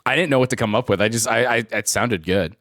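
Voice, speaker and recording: A man in his twenties talks fast in a mid-range, fairly bright voice, chatting casually with his stream's viewers. His stories ramble, and laughter breaks in often. The studio-quality audio has no room sound.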